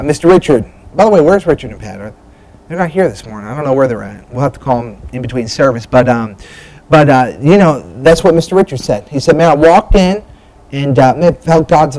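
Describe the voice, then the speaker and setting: A male pastor preaching a sermon, with joking asides, quick restarts and moments of heated emphasis. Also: on the high side, a little mellow, low-quality recording.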